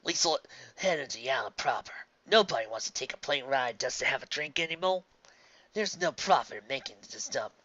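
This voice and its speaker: A man's voice: mid-range voice, lively intonation, a little fast, pushed and bright, no echo. A man voicing a young male bartender who talks in a grumbling, earnest way, on a dull lo-fi recording.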